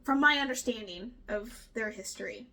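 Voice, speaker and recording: A young woman with a slightly high voice co-hosts a casual book club discussion at normal speed. She's chatty and animated, swearing occasionally and acting out the characters' lines.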